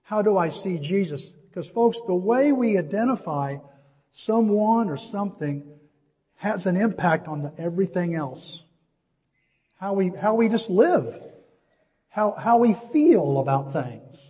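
Midwestern male pastor, middle-aged, high husky voice, lively anecdotal sermon delivery. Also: unhurried. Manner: storytelling, animated, addresses listeners as folks. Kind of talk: sermon with personal story. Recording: long reverb of a large hall.

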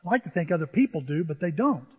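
Man preaching, high pitch, emphatic, mimics complaints, echoing sanctuary. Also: very animated, fast, breathy edge. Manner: emphatic, rising to near-shouts on key words; acts out congregants' complaints in mocking voices. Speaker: pastor. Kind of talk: sermon. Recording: dull audio with long church reverb.

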